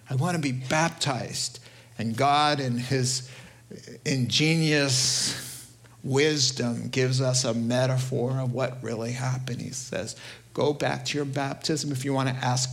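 Delivering a sermon at a moderate pace, a New York-accented male pastor voices the people he quotes and shifts between booming and hushed tones, all with plenty of animation. His pitch is fairly high.

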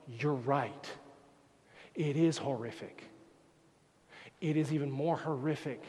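A man preaching a sermon as pastor, swinging from quiet, measured talk to loud, impassioned passages. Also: mid-range voice, slight background noise. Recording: long reverb of a large hall.

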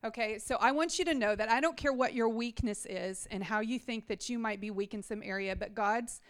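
A woman in her thirties giving an earnest, animated mission trip testimony to a church congregation, talking straight to the listeners. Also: fairly high pitch, brisk, clear, resonant tone. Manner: earnest and animated, addressing the audience directly.

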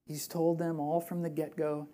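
Animated woman preaching a sermon. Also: low voice, moderate pace. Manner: animated and conversational, with rhetorical questions; drops to a hushed, earnest voice for emphasis.

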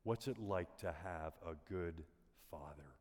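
A middle-aged male pastor delivers an earnest sermon in a fairly low voice, often sinking to near whispers. His words ring out with a long reverb through a church auditorium. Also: a little slow. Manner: earnest, soft-spoken, dips to near whispers.

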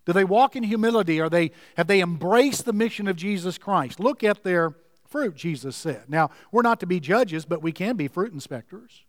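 A man's voice: high voice, expressive, normal speed, no room sound, clean studio sound, big-room sound. A man preaching a sermon, emphatic and fervent, repeating key words to drive his points home.

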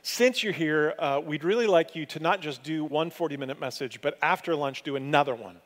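A man preaching a sermon as pastor, telling stories in a conversational way with lively swings of pitch and loudness. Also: fairly quick, long reverb tail.

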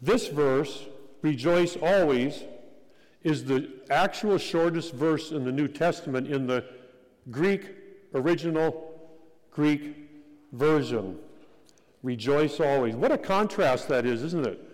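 Slow-preaching man in a reverberant hall. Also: fairly high pitch, a little mellow. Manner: measured, deliberate preaching with repeated phrases. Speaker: pastor. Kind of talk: sermon.

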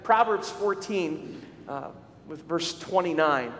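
Animated high-voiced preacher man in echoey hall. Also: normal speed. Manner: animated storytelling, shouts for emphasis. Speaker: pastor. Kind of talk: sermon.

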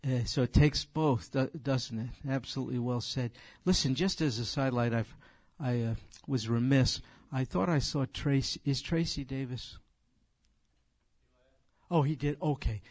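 An older man leads an informal Bible study for a group, speaking emphatically and conversationally, directly to his listeners. His mid-range voice has a darkish tone and normal speed, recorded cleanly in a studio with no echo.

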